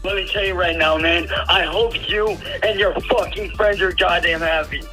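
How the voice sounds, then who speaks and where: A man yelling profanities on a phone call, wheezing, with a combative manner. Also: high voice, steady tone, normal speed, soft background music. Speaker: phone caller.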